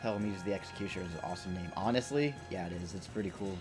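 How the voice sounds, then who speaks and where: Casting: male streamer, low register, loose self-mocking chatter over faint game music. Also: rapid-fire. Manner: rambling, self-deprecating, joking. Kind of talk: let's play commentary.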